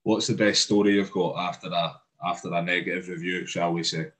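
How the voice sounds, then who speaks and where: Deep, quick-talking male interviewer. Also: fairly even intonation, fairly bright tone. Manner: asks brief, probing questions. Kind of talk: casual interview questions.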